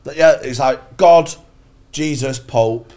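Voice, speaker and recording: A man's voice: medium pitch, takes it slowly. A man, co-hosting a podcast, telling a rambling comic story full of swearing and acted-out voices. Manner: sweary, animated, acts out voices. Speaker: podcast co-host.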